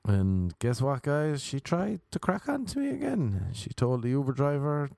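A man's voice: mid-range voice, huge pitch swings, moderate pace, gravelly, warm tone, dry recording, clean studio sound. A young Irish man hosting a comic podcast, rambling through self-mocking stories and plugs with jokey asides. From Ireland. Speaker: podcast host and comedian.

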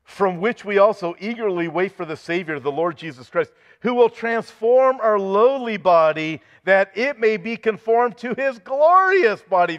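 A man's voice: sits high, lively intonation, unhurried, hardly any pauses, fairly bright tone. A man preaching a sermon as pastor, joking with the congregation and reading scripture aloud with rising intensity. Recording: dull sound with long hall reverb.

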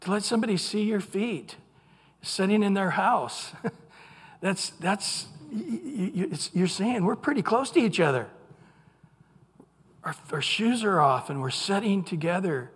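A man teaching a sermon from scripture in a slightly husky, somewhat high voice. He talks animatedly and acts out the people he quotes. His words ring out with a long reverb, as in a large hall. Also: expressive, a little slow, fairly bright tone. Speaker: preacher.

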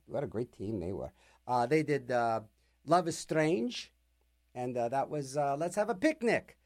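A man's voice: on the high side, a little mellow. A man hosting a radio music show, chatting casually between songs with rambling, sarcastic jokes. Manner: rambling, jokey, sarcastic asides.

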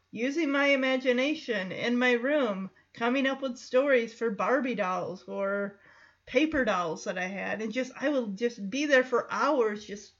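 A woman's voice: sits high, a bit bright. Rambling woman podcast host. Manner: rambling, hesitant, many fillers. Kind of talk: casual episode recap. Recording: slightly muffled podcast audio.

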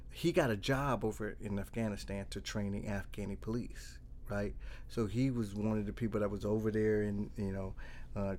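Middle-aged male therapist, lively conversational storyteller who voices the dialogue and keeps restarting. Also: fairly low pitch, a little hiss or hum. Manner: animated storyteller, acts out dialogue, repeats and restarts. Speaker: trauma therapist.

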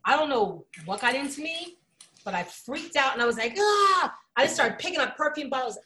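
A woman's voice: sits high, fairly quick, a little hiss or hum. A woman from Philadelphia in casual chat, telling stories expressively and acting out voices. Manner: expressive, acts out voices, laughs often.

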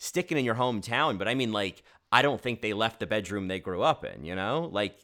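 A man's voice: lowish voice, expressive, fairly quick, fairly bright tone. A man talking casually about a film, full of filler words and restarts. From United States. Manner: chatty, many filler "like"s and restarts.

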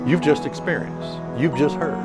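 A man's voice: fairly high pitch, normal speed, loud music behind the voice. A man preaching an earnest, emphatic sermon as the host of a religious show, stressing key words. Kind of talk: televised sermon.

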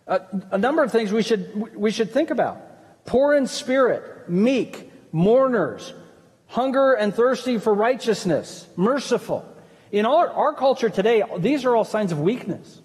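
With a high voice and darkish tone, a man preaches as pastor in a church sanctuary. He speaks conversationally, asking the congregation questions, and long reverb from the church hall colors the recording.

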